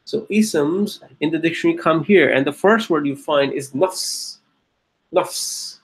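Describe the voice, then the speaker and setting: A man's voice: a little high, poor audio. A man teaching an Arabic grammar lecture, repeating each word and checking in with his students. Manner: repeats words slowly, asks checking questions. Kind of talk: classroom lecture.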